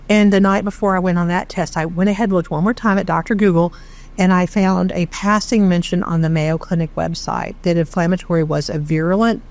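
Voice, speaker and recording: A middle-aged woman from Texas tells her own story as an interview guest, candid and animated, with a self-deprecating streak. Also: on the low side. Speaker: charity founder, interview guest. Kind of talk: conversational storytelling.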